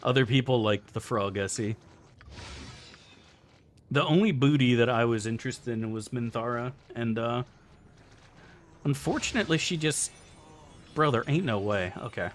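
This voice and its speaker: A man's voice: mid-range voice, moderate pace, long pauses, a little hiss or hum. Guy in his twenties streaming a game, talking back to chat, laid-back and cussing. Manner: casual, profane, bantering with chat. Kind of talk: live gameplay commentary reading chat.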